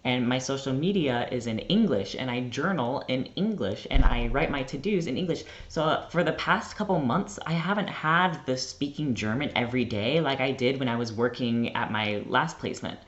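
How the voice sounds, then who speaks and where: A man's voice: mid-range voice, expressive, normal speed, few pauses, fairly bright tone, dull audio. A young American man telling a rambling, chatty story to his vlog audience. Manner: chatty, rambling, heavy use of "like". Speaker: vlogger.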